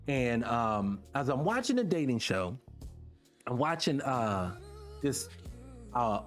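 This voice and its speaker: A man hosting his own video, talking casually to his viewers, calling them y'all and firing off rhetorical questions. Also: mid-range voice. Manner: animated, keeps asking rhetorical questions; talks directly to the audience as y'all. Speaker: vlog host.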